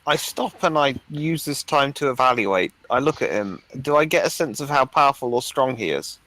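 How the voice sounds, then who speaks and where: A man's voice: mid-range voice, animated, normal speed, pushed and bright, dry recording, poor audio. A man playing a tabletop game in casual, plain-spoken chat. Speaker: player.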